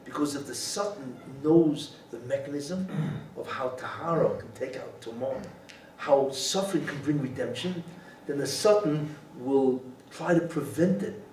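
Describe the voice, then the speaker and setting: Animated man teaching in an echoey room. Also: mid-range voice, unhurried. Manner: animated, rhetorical, often asks and answers his own questions. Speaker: rabbi teaching Torah. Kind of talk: Torah lecture. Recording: echoey room, voice from a distance, faint hiss.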